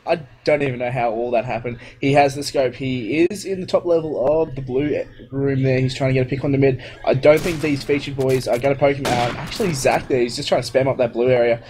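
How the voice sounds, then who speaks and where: A man's voice: mid-range voice, steady tone, brisk, few pauses, darkish tone, slight background noise. A man co-casting a live shooter match, laid-back, chuckling and casual. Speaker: esports co-caster. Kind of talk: live game commentary.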